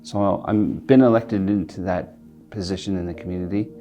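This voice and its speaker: Middle-aged man with a lowish voice, an earnest and reflective interviewee who speaks haltingly. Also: steady tone, dark tone, faint music behind. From Alberta, Canada. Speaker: interviewee, community leader. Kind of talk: personal storytelling interview.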